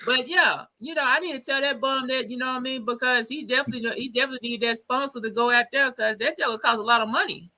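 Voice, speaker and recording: A man's voice: very high-pitched, fast talker, few pauses, pushed and bright, poor audio. A man joining a live chat, supportive and laid-back, laughing easily. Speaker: chat participant. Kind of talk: casual chat.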